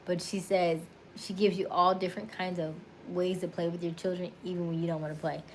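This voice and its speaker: Reading out viewer comments on her livestream, this Florida woman in her thirties chats casually, laughs a lot and greets viewers by name in her Florida accent. She talks fairly quickly in a low, flat voice over a bit of hiss or hum.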